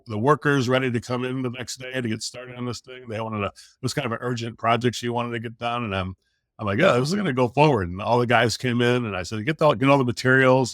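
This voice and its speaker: Animated middle-aged man telling a story. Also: medium pitch, no room sound, clean studio sound. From United States. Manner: animated storytelling, acts out quoted dialogue, casual swearing. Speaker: sales coach guest. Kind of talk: storytelling in a podcast interview.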